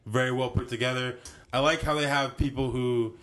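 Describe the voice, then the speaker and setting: A man's voice: medium pitch, steady tone, brisk, a bit bright. A young man hosting a podcast in casual chat, joking and rambling, swearing freely. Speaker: podcast host.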